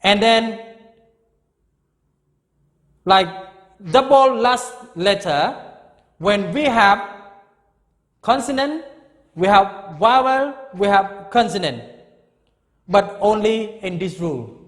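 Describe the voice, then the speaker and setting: A man in his fifties teaching an English grammar lesson, speaking slowly and emphatically and repeating key words. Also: high-pitched, animated, a bit bright, long reverb tail.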